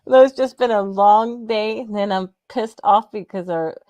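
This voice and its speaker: A woman's voice: medium pitch, normal speed, warm tone, dry recording. A woman co-hosting a podcast, casual, blunt and outspoken. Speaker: podcast co-host. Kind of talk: casual chat.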